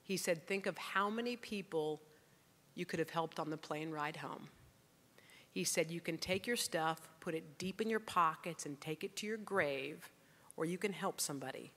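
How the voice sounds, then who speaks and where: Middle-aged woman telling a story onstage, bright forceful voice, acts out the dialogue, big hall echo. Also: fairly low pitch, normal speed. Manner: animated storyteller acting out dialogue. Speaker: keynote speaker. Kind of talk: storytelling speech. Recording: long hall reverb.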